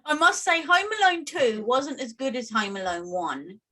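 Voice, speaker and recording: A woman's voice: sits high, very animated, moderate pace, pushed and bright. A British woman co-hosting a podcast, chatting casually and laughing often. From United Kingdom. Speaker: podcast co-host. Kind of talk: casual chat.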